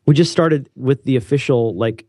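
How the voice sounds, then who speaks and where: A man in his thirties co-hosting a podcast, chatting casually in a rambling, animated way. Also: mid-range voice, normal speed, no echo, clean studio sound. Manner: rambling, self-interrupting, animated. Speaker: podcast co-host. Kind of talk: casual chat.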